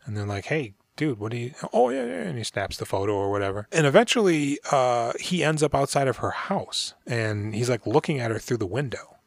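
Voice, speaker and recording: A man's voice: medium pitch, animated, fairly quick, few pauses, dry recording. A man hosting a podcast, casually retelling a film's plot in a rambling, profane way and acting out the characters' lines. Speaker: podcast co-host. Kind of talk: casual movie recap.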